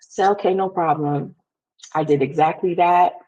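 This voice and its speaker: A woman's voice: on the low side, steady tone, mellow, muffled recording. A young woman, a podcast guest candidly telling a personal story and acting out the things people said. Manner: candid, quick, acts out quoted dialogue.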